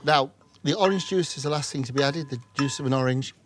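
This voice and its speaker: A man's voice: mid-range voice, fast talker. A man hosting a cooking show, chatting as he explains each step of a recipe. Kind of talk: cooking demonstration. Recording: faint background noise in a studio kitchen.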